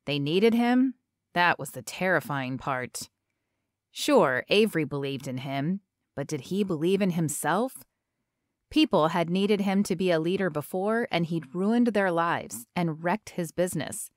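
Woman reading an audiobook, even measured tone, dry studio sound. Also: lowish voice, no room sound. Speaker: audiobook narrator. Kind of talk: scripted audiobook narration.

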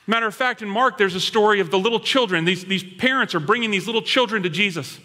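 A male pastor preaching a sermon in an animated storytelling manner. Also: high-pitched, fairly quick. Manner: animated storytelling, acting out quoted voices. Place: church hall. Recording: long hall reverb.

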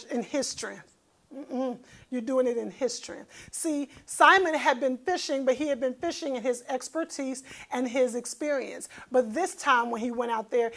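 A woman's voice: sits high, creaky. A woman preaching a fervent sermon, repeating phrases and calling out to listeners. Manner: fervent, repetitive call-and-response preaching.

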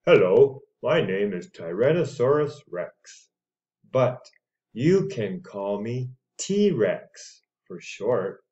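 A friendly storybook dinosaur says hello and tells kids about itself, cheerful and slow, as a man reads it aloud. The tone is mellow and the recording a bit dull. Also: mid-range voice, very animated. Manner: cheerful, childlike storybook reading.

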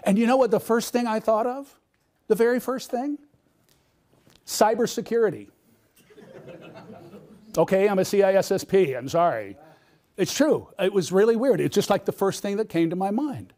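A middle-aged man speaks from a conference stage in a keynote, his voice sitting noticeably high for a man. He tells a personal story and turns often to the audience with questions. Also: expressive, moderate pace, long pauses, dark tone. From United States.

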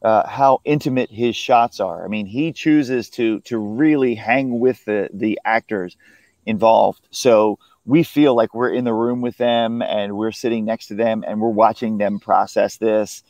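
Hesitant man with a low voice. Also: fairly even intonation, unhurried, a little mellow, no room sound. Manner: hesitant, full of restarts and "you know". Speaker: film critic. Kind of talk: casual film review chat.

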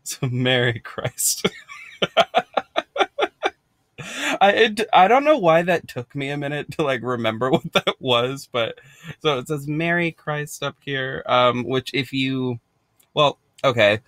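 An American man chatting through an unboxing in a bubbly, rambling way, giggling often. His voice sits at a medium pitch. The sound is dry and close. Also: measured pace, pauses often, a bit bright, no room sound. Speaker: podcast host. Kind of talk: casual unboxing vlog.

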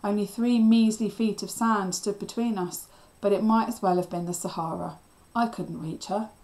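A woman teacher reading a children's novel aloud in a steady, expressive storytelling voice. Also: medium pitch, normal speed, low-quality recording.

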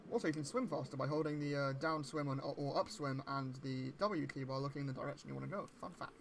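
Excitable, foul-mouthed gamer man. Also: fairly high pitch, gravelly, a little hiss or hum. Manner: excitable, swears a lot, yelps at scares. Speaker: let's play gamer. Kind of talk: gameplay commentary.

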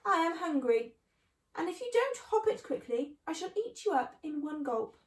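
A woman voicing a clever male fox father who speaks softly and knowingly in a storybook reading. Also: very high-pitched, very animated, moderate pace, roomy sound, distant mic, voice pushed up. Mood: menacing. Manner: soft and knowing.

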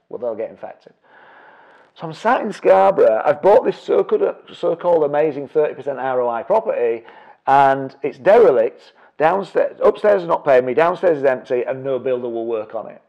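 Middle-aged man, storytelling talk, lively swings in voice, mid pitch, dull lo-fi recording. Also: normal speed, creaky. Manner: animated, acts out his own reactions with big jumps in pitch. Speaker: property investment educator. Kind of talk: storytelling presentation.

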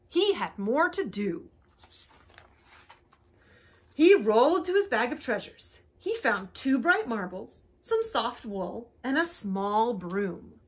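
A woman librarian reading picture books aloud to young children, animated and expressive, inviting them to join in. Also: fairly high pitch, slow pace, husky. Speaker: librarian storyteller.

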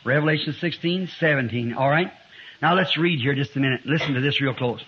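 A man in his fifties preaching a sermon to a congregation, climbing to loud emphatic lines and dropping to quiet asides. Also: medium pitch, fast. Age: 50s. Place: church before a congregation. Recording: muffled lo-fi 1960s sermon tape.

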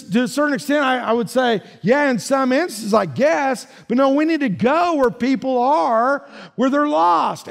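A man's voice: very high voice, vocal fry. A male pastor preaching a sermon in a folksy, emphatic way, often dropping in asides like "man" and "right?". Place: church sanctuary. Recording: church hall reverb.

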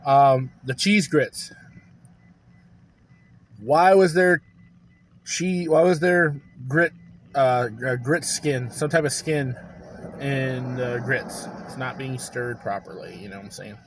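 A man with a fairly high voice talks slowly through a casual food review. He pauses often and restarts his sentences. A faint background hum sits under his voice. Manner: halting, many fillers and restarts.

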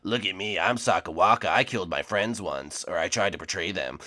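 A man voicing a gloomy skeleton figure in a toy game show, mumbling in a sulky, slow drawl. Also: low voice, pushed and bright, pitched below the performer's own voice. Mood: glum. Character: gloomy male skeleton, grumbling.

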